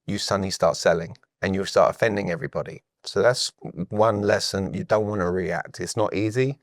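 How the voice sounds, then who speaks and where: A middle-aged man with a British accent talks as a guest on a podcast, with a somewhat low voice. He tells his stories with animation and acts out the people in them. The sound is close and dry, with no room echo. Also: fairly quick. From Britain. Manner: animated storyteller who acts out quoted exchanges. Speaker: sales coach and guest. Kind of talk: casual podcast conversation.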